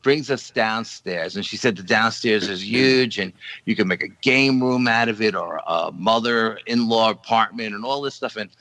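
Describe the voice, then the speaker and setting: A man's voice: fairly low pitch, moderate pace, no room sound, low-quality recording. A man on a podcast roundtable telling a long dream story, acting out the other people's lines. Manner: animated storytelling with acted-out quotes. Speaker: paranormal investigator guest.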